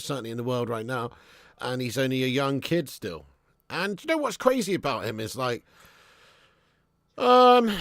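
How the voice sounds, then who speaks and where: A man's voice: medium pitch, fairly bright tone, dry recording, studio quality. A man hosting a live watch-along stream, chatting casually with viewers, reading out their comments, swearing and laughing often.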